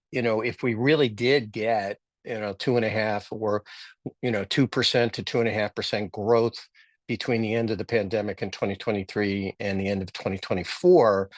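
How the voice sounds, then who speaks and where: A man's voice: lowish voice, no echo. A man co-hosting a business podcast, chatting casually and joking, thinking aloud with restarts. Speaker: podcast co-host.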